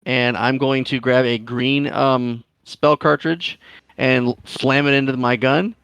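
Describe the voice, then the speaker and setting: A man player walks through his character's attack and the rules of a spell, stopping on ums. His voice is smooth and resonant, recorded close and dry. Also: mid-range voice, fairly even intonation, a little slow, fairly bright tone, dry recording. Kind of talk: narrating a tabletop game character.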